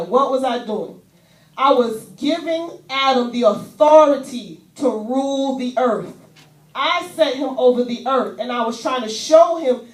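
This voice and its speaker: A woman's voice: high-pitched, unhurried, far from the mic. Woman preaching in an echoey church. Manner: animated, conversational preaching with casual asides. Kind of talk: sermon with volunteers on stage. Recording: echoey church room, voice from afar.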